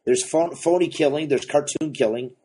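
Husky, excitable comic shop guy. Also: on the high side, normal speed. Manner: profane, excitable, laughs often. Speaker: podcast co-host, comic shop owner. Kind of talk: casual chat about comics.

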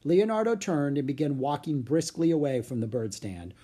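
A narrator reading a children's storybook aloud in an expressive way. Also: mid-range voice, normal speed.

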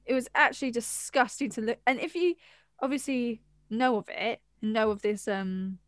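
Animated high-voiced woman podcaster. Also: moderate pace, dry recording, studio quality. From England. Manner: animated, swearing, laughing storyteller. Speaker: podcast co-host. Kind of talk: casual chat.

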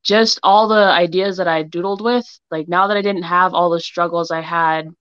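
A woman's voice: lowish voice, fairly even intonation, normal speed, a bit bright, smooth, dry recording, muffled recording. A young woman author from Hawaii, raised in Utah, chatting casually as an interview guest, giggling often and filling her talk with "like". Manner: giggly, many "like" fillers.

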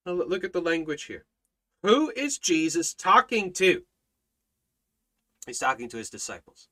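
Bright-voiced man preaching emphatically. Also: fairly high pitch, sing-song, normal speed, pauses often. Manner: emphatic, repetitive preaching with rhetorical questions; reads scripture aloud in King James wording. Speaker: Bible study teacher. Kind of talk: livestreamed Bible study sermon.

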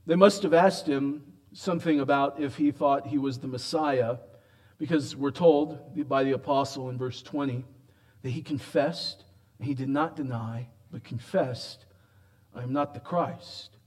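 A man preaching an expository sermon, emphatic, with loud raised lines and quiet low asides, slowing right down on quoted words. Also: steady tone.

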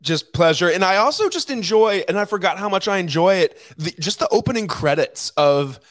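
A man's voice: high voice, brisk, dry recording. A man co-hosting a podcast, talking casually and enthusiastically about a favorite comedy. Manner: relaxed, enthusiastic, with laughs. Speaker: podcast co-host. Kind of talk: casual movie review chat.

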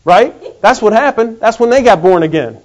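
Folksy high-voiced preacher. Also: male voice. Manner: folksy, animated, acts out quick comic voices. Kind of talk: sermon. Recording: dull lo-fi recording.

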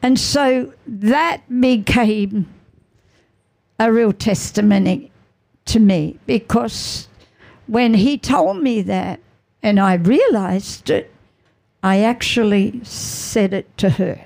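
A middle-aged woman giving an earnest, emotional personal testimony as a mother, halting and repeating her phrases. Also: mid-range voice, gravelly, darkish tone.

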